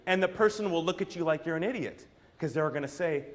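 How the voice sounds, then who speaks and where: A high-pitched American man delivers a punchy keynote talk to a room full of people. He throws rhetorical questions at the crowd and swings into theatrical asides, keeping his voice lifted and expressive throughout. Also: quick pace. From United States. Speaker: brand strategist, speaker. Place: room with an audience.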